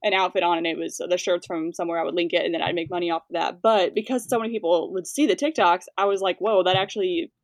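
A woman in her twenties, a guest influencer, chatting casually and quickly with lots of fillers and laughs. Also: fairly low pitch, steady tone, dry recording. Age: 20s. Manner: fast-talking, filler-heavy, laughing. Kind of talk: casual interview chat.

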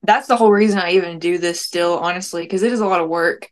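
A young woman, a prank-call comedian appearing as an interview guest, talks fast in a lowish voice. She rambles casually and fills her speech with lots of "like."

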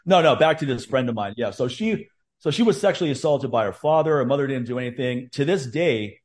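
A man's voice: mid-range voice, animated, fairly quick. Candid, swearing male podcast host. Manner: candid, profane, rambling with restarts. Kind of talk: casual podcast chat.

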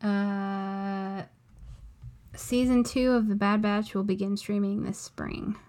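A woman co-hosting a podcast, talking excitedly in a casual fan chat. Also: medium pitch, takes it slowly. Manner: chatty, excited fan talk with frequent laughs. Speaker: podcast co-host.

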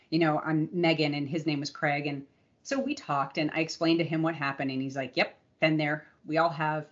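A woman co-hosting a podcast, telling a personal race story in a candid, animated way with frequent restarts and laughter. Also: on the low side, muffled recording. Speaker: podcast co-host and endurance coach. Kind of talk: casual storytelling chat.

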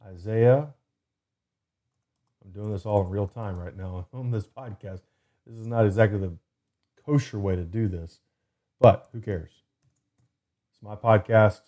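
A man hosting a faith podcast, talking loosely and earnestly and slowing down to read scripture with emphasis, recorded at a desk setup. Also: on the low side, mellow. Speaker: podcast host. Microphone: computer desk setup.

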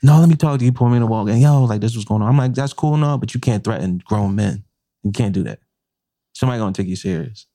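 A man's voice: medium pitch, fast, dry recording, clean studio sound. A man, a chef and podcast co-host, telling a profane workplace story in casual talk and acting out the quotes. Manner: animated, profane, acts out quotes.

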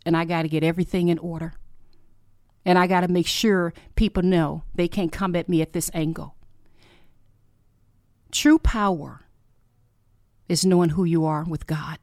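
A woman's voice: on the low side, dry recording, clean studio sound. A middle-aged woman hosting a faith podcast, telling her personal testimony in an earnest, emotional way. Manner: emotional, earnest, heartfelt storytelling. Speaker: podcast host.

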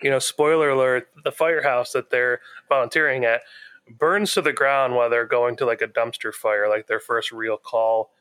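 A man's voice: medium pitch, steady tone, normal speed, a bit bright, smooth, no room sound. A man chatting casually as a podcast co-host, retelling an episode with frequent laughs and filler words. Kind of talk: casual chat.

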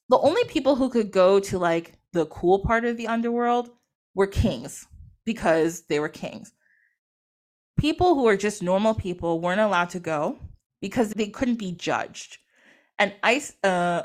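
A woman's voice: mid-range voice, expressive, measured pace. A young woman hosting a podcast, casually retelling a myth in slangy modern quotes and laughing often. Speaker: podcast host. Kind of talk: casual storytelling.

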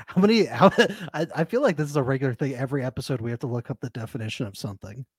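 A man co-hosting a podcast in casual chat, animated and jokey, laughing often. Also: mid-range voice, quick pace, breathy edge, no echo, studio quality. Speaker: podcast co-host.

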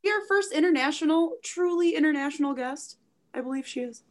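A woman's voice: sits high, brisk. A woman co-hosting a casual podcast who mostly drops in short, dry interjections. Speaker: podcast co-host.

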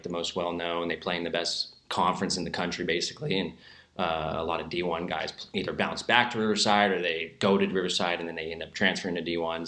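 A young man from Southern California, a podcast guest telling stories in a relaxed, rambling way and laughing often. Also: sits low. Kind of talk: casual podcast chat. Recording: roomy echo.

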